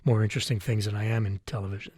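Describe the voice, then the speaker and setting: A man's voice: on the low side, flat delivery, very fast, darkish tone, slightly rough, no room sound, clean studio sound. A man, a voice actor, chatting as an interview guest, enthusiastic and often restarting his sentences. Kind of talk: casual interview chat.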